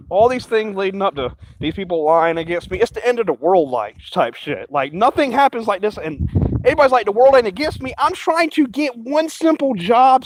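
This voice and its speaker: A man's voice: high voice, no echo, rough recording. A man vlogging in an agitated, rambling rant full of profanity and repetition. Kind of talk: rambling ranting monologue.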